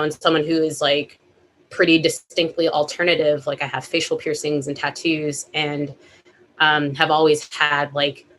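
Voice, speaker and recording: A woman speaking as a panelist in a casual discussion, relaxed and hesitant with fillers. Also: low voice, slight background noise, rough recording.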